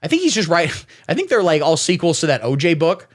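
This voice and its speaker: Satirical commentary host, man, rambling and sarcastic, swoops around in pitch. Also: sing-song, a little fast. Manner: sarcastic, rambling, puts on silly voices for quotes. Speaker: comedy streamer. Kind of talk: satirical commentary reading texts.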